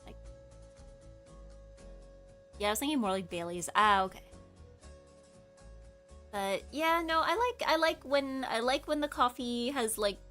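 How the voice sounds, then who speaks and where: A woman's voice: fairly high pitch, expressive, measured pace, pauses often, sharp tone. Woman, streamer, casual chat, rambling, filler-heavy, self-correcting, faint music behind.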